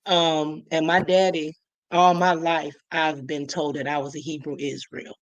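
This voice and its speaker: A woman from Illinois giving a personal testimony in a halting way, full of fillers and restarts. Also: low voice, little pitch movement, dry recording, muffled recording. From Illinois, USA. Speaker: guest.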